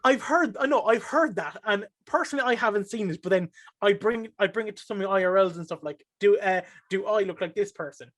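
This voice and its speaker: An excitable young Irish man with a high voice talks as a guest on a casual podcast. He gets emotional and animated as he speaks. The sound is dry and close-miked. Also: brisk, no echo. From Ireland. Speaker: podcast guest, streamer and caster.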